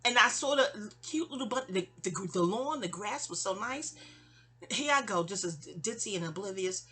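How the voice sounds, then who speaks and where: A middle-aged woman with a New York accent, a vlogger, rambles through a memoir story in a casual monologue full of digressions, fillers and restarts. Her mid-range voice is expressive, pushed and bright with a breathy edge, and she keeps a moderate pace.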